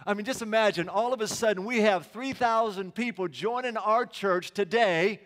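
A man's voice: high-pitched, moderate pace, a bit bright. A middle-aged male pastor preaching a sermon in a church sanctuary, telling stories conversationally and asking the congregation questions.

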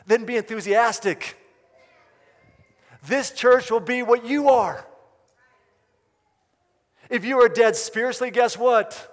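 A man's voice: high voice, long reverb tail. A male pastor preaching a sermon, emphatic and repetitive, putting questions to the congregation. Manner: emphatic, repeats key lines, asks the congregation questions.

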